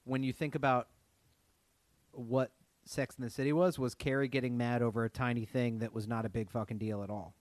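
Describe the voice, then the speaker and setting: A man's voice: mid-range voice, little pitch movement, fairly quick, darkish tone, no echo. A man co-hosting a casual TV recap podcast, jokey and sarcastic, swearing casually. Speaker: podcast co-host. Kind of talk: casual chat recapping a TV show.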